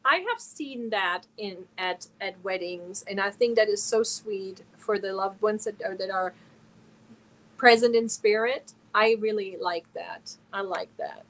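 A woman's voice: medium pitch, measured pace. A middle-aged woman from Germany, hosting a casual live stream and reading viewer messages aloud as she answers them. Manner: reads chat messages aloud and answers viewers warmly one by one.

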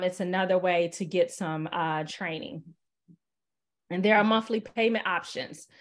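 Casting note: relaxed, chatty woman demoing software on a webinar call, mid-pitched, lots of ums. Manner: chatty, relaxed, with many fillers. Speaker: software presenter. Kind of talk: casual webinar demo.

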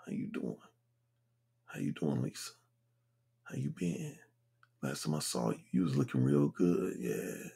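A man voicing a smooth man sweet-talking a woman on the phone, slow, low and crooning. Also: huge pitch swings, mellow, heavily acted. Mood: smooth, flirty.

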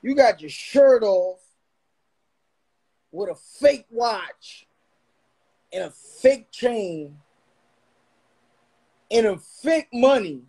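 A man's voice: high-pitched, lively intonation, very slow, pauses often, warm tone, breathy edge. A young man hosting a live stream, brashly mocking and roasting a guest in a swaggering way. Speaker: livestream host. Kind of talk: trash-talking livestream roast.

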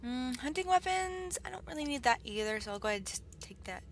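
A young woman with a twang hosts a let's play, talking quickly in a high voice and gushing excitably with lots of exclamations and laughter. Her budget desktop mic picks up keyboard clicks along with faint background noise.

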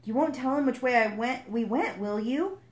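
A woman voicing a small, excitable and brave male frog in a storybook, fussy and dramatic. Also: on the high side, normal speed, roomy sound, voice pushed up, natural voice. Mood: polite.

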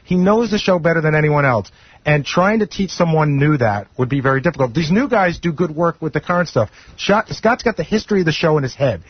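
Fast, husky man arguing his side on the radio, with dry, dull broadcast sound. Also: on the high side, lively intonation, dry recording. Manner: defensive, rapid and insistent. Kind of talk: casual studio banter.

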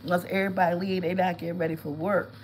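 A woman's voice: lowish voice, little pitch movement, fast, a little hiss or hum, rough recording. A woman in her fifties with a head cold, sniffling and stuffed up, telling a long story while lying at home during a casual live stream and greeting viewers by name. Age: 50s.

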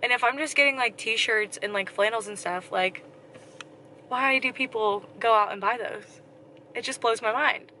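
A young woman in a casual shop-with-me vlog, chatty and excited, often dropping to a whisper, filmed on a handheld camera inside a thrift store. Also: medium pitch, moderate pace. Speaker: vlogger. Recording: store noise in background.

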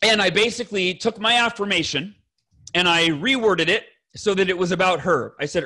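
A man telling an emotional personal story to other fathers as a podcast guest, earnest and rambling, correcting himself, clearing his throat and swearing now and then. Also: sits high, moderate pace, sharp tone.

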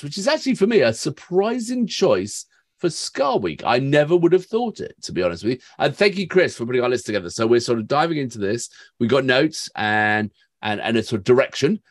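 A man's voice: medium pitch, no room sound, studio quality. A man co-hosting a music reaction video, chatting casually, laughing easily and giving short agreeing replies. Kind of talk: casual chat.

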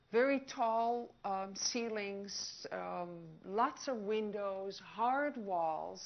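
A woman giving a lively public presentation on hearing. She asks the audience questions and acts out short scenes. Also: medium pitch. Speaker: audiologist giving a public talk. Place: outdoor picnic gathering. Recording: dull lo-fi recording.

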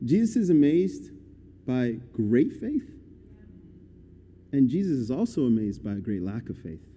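A man preaching a sermon as a guest speaker, animated and swinging between quiet and loud passages. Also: mid-range voice, unhurried, a little hiss or hum. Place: church hall. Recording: church hall reverb.

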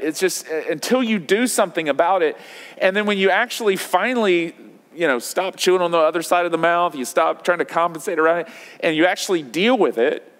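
A man in his thirties preaches to his congregation, talking in a loose, conversational way, full of fillers and restarts. His voice sits a little high for a man. Long reverb from the church hall trails after his words. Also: a bit bright. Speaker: pastor. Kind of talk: sermon. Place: church auditorium.

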